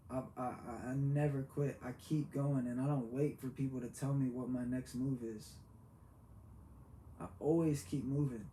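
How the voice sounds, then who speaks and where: A man's voice: medium pitch, mellow. Earnest man preaching in an echoey room. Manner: heartfelt, repetitive, preachy, with halting restarts. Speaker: motivational vlogger. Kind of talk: earnest motivational monologue. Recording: echoey room with faint background hiss.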